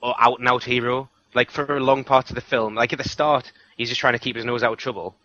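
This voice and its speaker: A man's voice: mid-range voice, steady tone, fast talker, bright, forceful tone, no echo, highs cut off. A man from the UK co-hosting a casual film review chat, talking in a chatty, hedging way with many fillers. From United Kingdom. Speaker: film review podcast co-host.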